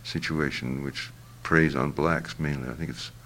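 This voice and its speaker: An older man being interviewed, answering in a halting, reflective way with many fillers and restarts. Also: rumbling low, fairly even intonation, fairly bright tone, slight background noise.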